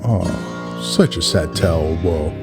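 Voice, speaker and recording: A man's voice: lowish voice, lively intonation, normal speed, lightly acted. A man voicing a ruthless, scheming king in a spoken story, cold and sarcastic, with music playing behind. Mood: sneering. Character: ruthless scheming middle-aged male king.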